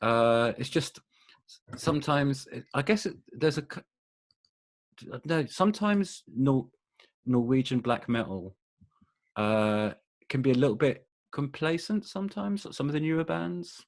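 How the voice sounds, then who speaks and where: Man, music podcast co-host, casual chat, rambling, lots of fillers and restarts, mid-pitched voice, video call. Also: animated, unhurried.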